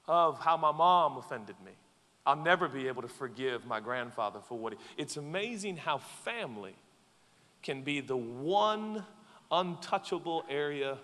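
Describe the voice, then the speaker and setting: A man preaching a sermon as pastor, swinging between loud pleading and quiet, intense passages. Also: on the high side, lively intonation, moderate pace. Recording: long hall reverb.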